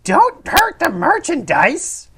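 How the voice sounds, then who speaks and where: A woman's voice: high-pitched, huge pitch swings, slow pace, background noise, voice pushed up, heavily acted. A woman voicing a hunched old hag who sells zombies, with an eager sing-song shopkeeper patter. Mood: scolding. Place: online voice call.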